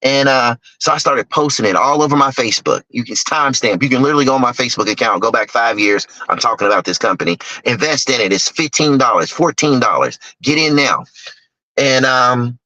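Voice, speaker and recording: A man speaking as a guest, telling a personal story in an animated way and acting out other people's lines. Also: medium pitch, brisk, no echo, rough recording. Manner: animated storyteller who acts out other people's lines in sharply raised voices. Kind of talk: personal storytelling on a talk stage.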